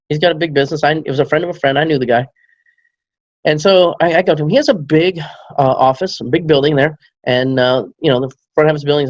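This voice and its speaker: A man's voice: fairly high pitch, no room sound, muffled recording. Chatty man giving business advice. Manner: chatty, repeats "right?", acts out both sides of a story. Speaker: marketing consultant. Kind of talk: casual advice talk with anecdote.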